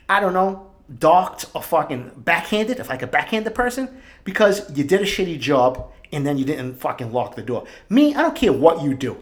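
A man from East Boston with a Boston accent, hosting a podcast and telling a fired-up, profanity-laden story into his microphone. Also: on the high side. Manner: profane, fired-up, swears constantly. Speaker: podcast host. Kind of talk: casual storytelling rant. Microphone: studio microphone.

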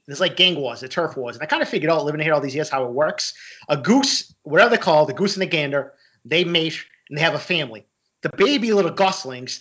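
A man's voice: on the high side, fairly bright tone, breathy edge. A man co-hosting a podcast in casual chat, joking, swearing and rambling. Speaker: podcast co-host. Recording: dull lo-fi sound.

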